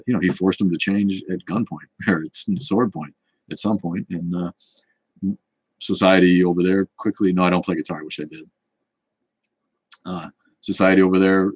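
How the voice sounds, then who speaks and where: A man hosting a casual livestream, answering viewer comments bluntly with plenty of swearing. His voice sits low and sounds husky. The recording is dry and close. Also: darkish tone, no echo. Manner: rambling, blunt and profane. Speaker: show host.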